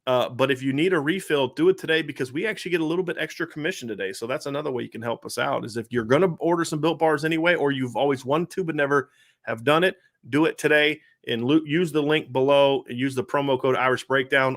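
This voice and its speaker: A man's voice: medium pitch, fairly quick, fairly bright tone. A man hosting a sports talk podcast, chatting casually and rambling with lots of filler words. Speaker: podcast host.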